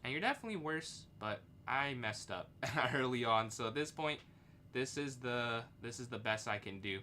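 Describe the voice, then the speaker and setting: A man's voice: mid-range voice, normal speed, a little hiss or hum. A young man streaming chess live, thinking aloud about his moves and answering chat. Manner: thinks aloud, reads chat, excitable outbursts.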